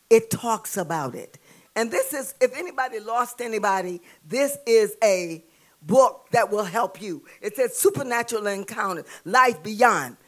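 A woman preaching a sermon with a Southern US accent, calling out to the congregation and building to shouts. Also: a little high. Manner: call-and-response preaching, rising to shouts.

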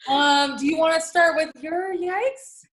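A woman co-hosting a podcast, chatting casually, backing her partner up with quick, laughing interjections. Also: very high-pitched, poor audio. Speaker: podcast co-host. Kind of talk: casual chat.

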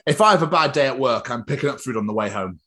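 A British man hosting a podcast, bantering casually, swearing freely and acting out little everyday scenes in quick put-on voices. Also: medium pitch, animated, pushed and bright. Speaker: podcast host.

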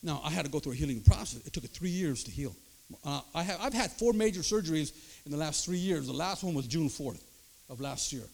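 High gravelly guy preaching his testimony, voice jumps all over, does everybody's voices. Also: a little fast. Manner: animated storytelling, acts out voices. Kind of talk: sermon testimony.

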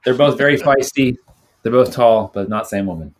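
A young adult man co-hosting a casual music podcast, earnest and halting, with lots of "like" fillers. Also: medium pitch, crowd noise. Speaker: podcast co-host. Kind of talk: casual chat about music.

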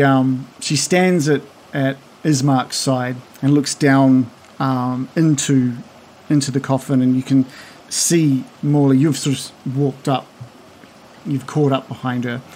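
A man narrating a tabletop game as game master, slow and halting with many pauses, over a video call. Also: mid-range voice, a little mellow, slight background noise.

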